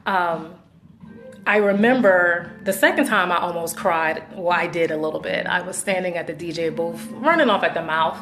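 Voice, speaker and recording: A woman's voice: fairly low pitch, moderate pace, faint music behind. A woman hosting her own show, chatting casually and effusively to her viewers. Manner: effusive, chatty, thankful shout-outs. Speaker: show host. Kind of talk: casual video chat.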